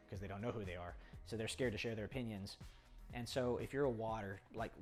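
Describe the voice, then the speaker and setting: A young man explaining personality types in a casual, rambling way, often laughing and restarting sentences. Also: on the low side. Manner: chatty, rambling, laughs often, acts out quoted people. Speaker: poker coach. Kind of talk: casual talking-head explainer.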